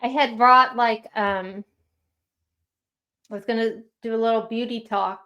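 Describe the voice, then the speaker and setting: A woman's voice: a little high, steady tone, measured pace, pushed and bright, lo-fi sound. A woman with a Chicago accent hosting a casual livestream chat, rambling and chatty with lots of fillers. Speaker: livestream host.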